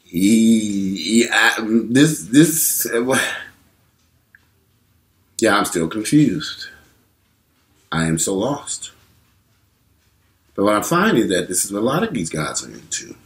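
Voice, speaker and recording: A man in his forties tells a frank, profane story directly to his viewers. His pitch swings widely as he exaggerates and acts out his reactions. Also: slow pace, long pauses. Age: 40s. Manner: animated, profane, talks straight to viewers. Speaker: vlogger. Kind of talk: candid storytelling monologue.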